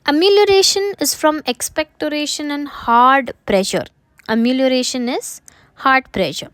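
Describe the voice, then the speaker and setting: A woman's voice: high voice, normal speed, a bit bright, dry recording, studio quality. A woman lecturing on a medical remedy, restating each point and posing questions to herself before answering them. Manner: repeats points, asks and answers own questions.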